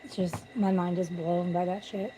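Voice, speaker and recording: A woman's voice: lowish voice, steady tone, normal speed, dark tone, slight background noise, rough recording. Blunt, profane woman ranting at home. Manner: blunt, profane, venting about corruption. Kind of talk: casual livestream rant. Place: at home with pets.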